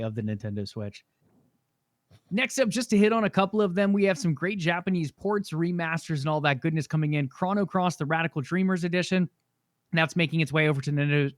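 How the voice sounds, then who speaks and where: A man co-hosting a gaming podcast, giving a steady, informative rundown with some fillers. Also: fairly high pitch, dry recording, studio quality. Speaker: podcast co-host. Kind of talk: casual chat.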